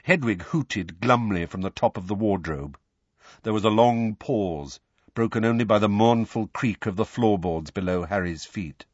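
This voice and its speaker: A man narrating an audiobook in a lively, expressive way. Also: lowish voice, normal speed, dry recording. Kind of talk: storybook narration. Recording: dry, slightly lo-fi recording.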